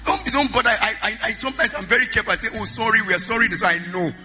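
A man preaching as a pastor, leading loud prayer with fervent, repeated declarations, each phrase often opened with "uh". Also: high voice, rapid-fire, slight background noise. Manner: repeats lines in a rhythmic chant. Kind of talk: sermon and loud congregational prayer.

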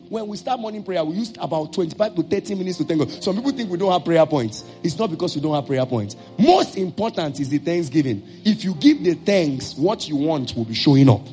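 A male pastor with a Nigerian English accent preaching a sermon, acting out little dialogues and breaking into sudden shouts. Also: on the high side, animated, fairly quick, hardly any pauses, faint music behind.

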